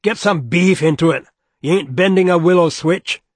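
A man voicing a hungover, loud-mouthed railroad foreman who roars and bullies his crew. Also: medium pitch, animated, slow, slightly rough, no room sound, exaggerated voice. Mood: roaring. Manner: roaring, bullying.

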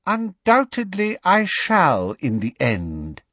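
A man voicing a cruel male dark wizard in a high, cold voice empty of kindness, speaking slowly and with menace. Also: huge pitch swings, no echo, heavily acted. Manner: slow, menacing, drawn-out. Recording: dull lo-fi recording.

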